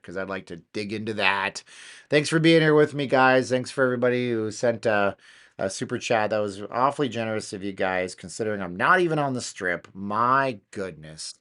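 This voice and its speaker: A man's voice: fairly low pitch, a bit bright, clear, resonant tone. A man hosting a casual live stream, rambling along with lots of fillers and restarts.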